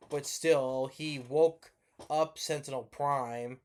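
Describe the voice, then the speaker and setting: A man's voice: a little high, fairly even intonation, slow, smooth. Sleepy man ranting in a review. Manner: rambling and profane, many restarts. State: sleepy, yawning. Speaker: movie reviewer.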